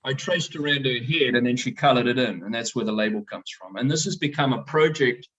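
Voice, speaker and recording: Bright-voiced joking winemaker. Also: male voice, medium pitch, fairly quick, husky, highs cut off. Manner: animated, joking storyteller. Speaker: winemaker presenting a tasting. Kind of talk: storytelling talk to a tasting audience. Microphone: video call presentation.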